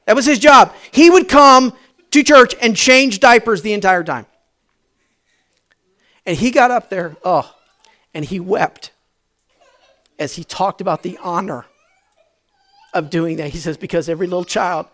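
A man preaching a sermon, swinging from shouting to hushed tones. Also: high-pitched, normal speed, long pauses. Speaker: pastor.

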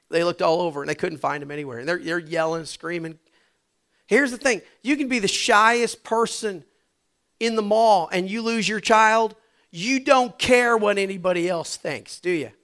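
A middle-aged male pastor preaching a sermon, dropping to hushed whispers and rising to loud shouts. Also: high-pitched, moderate pace, clean tone.

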